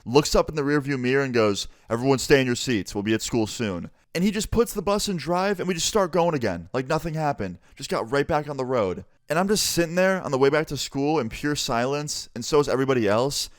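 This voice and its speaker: A man's voice: animated, a little fast, few pauses, no room sound, clean studio sound. A young man casually telling a story from his school days, laid-back and swearing freely. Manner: laid-back, swearing, low-key delivery.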